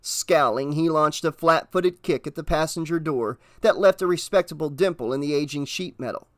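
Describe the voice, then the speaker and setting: A man narrating an audiobook in a steady, measured reading voice. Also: on the high side, no room sound, clean studio sound.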